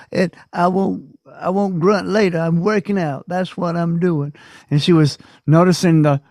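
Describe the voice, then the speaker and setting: A man spins a folksy, rambling story with playful asides, his voice sitting at an ordinary pitch. The sound is dry and close, picked up by a webcam mic on a video call. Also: no room sound.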